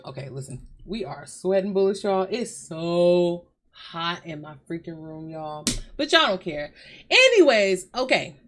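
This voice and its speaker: A woman's voice: mid-range voice, fairly bright tone. A woman hosting a reaction video, chatting loosely with her viewers from a hot bedroom at home, swearing freely and calling them y'all. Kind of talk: casual chat to viewers.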